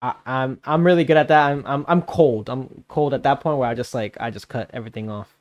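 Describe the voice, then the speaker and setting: A man's voice: medium pitch, brisk, no room sound. A young adult man co-hosting a casual podcast chat, speaking reflectively with frequent hesitant restarts. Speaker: podcast co-host.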